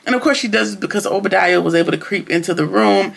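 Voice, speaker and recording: High gravelly-voiced man recapping an episode. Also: fast, fairly bright tone. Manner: rambling, chatty, slangy with frequent restarts. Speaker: TV episode reviewer.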